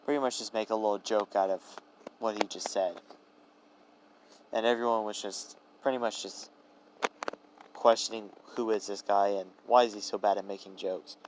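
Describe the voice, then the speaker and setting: A man's voice: on the low side, steady tone, normal speed, pauses often, slight background noise, rough recording. A young man improvising a fan-fiction story, rambling with fillers and restarts.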